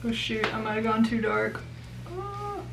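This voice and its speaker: A woman's voice: on the high side, very animated, unhurried, vocal fry. A young woman doing her makeup on camera, chatting in a playful, self-mocking way. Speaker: makeup vlogger. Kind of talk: casual chat. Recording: roomy echo, mic at a distance.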